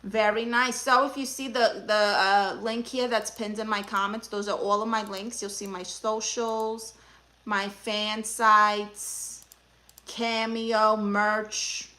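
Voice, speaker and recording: Woman, young adult, Brooklyn accent, sassy, teasing, bright voice. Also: mid-range voice, flat delivery, slow. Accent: Brooklyn New York. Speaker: livestream host playing an aunt therapist. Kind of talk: live stream chat reading.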